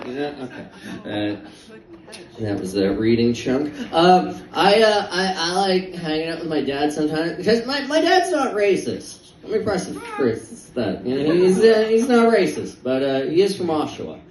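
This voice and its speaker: A man's voice: on the high side, very animated, normal speed, darkish tone. Man, stand-up comedian, rambling, self-deprecating, sounds far from the mic, roomy club echo. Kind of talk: stand-up set. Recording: echoey club, distant mic.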